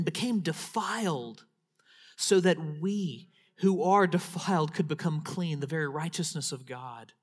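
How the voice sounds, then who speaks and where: A man delivers a sermon as a pastor. He builds to loud, emphatic declarations and then sinks into hushed, whispered lines for effect. He often repeats a word as he restarts a phrase. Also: on the high side, lively intonation, a little slow. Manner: repeats words when restarting.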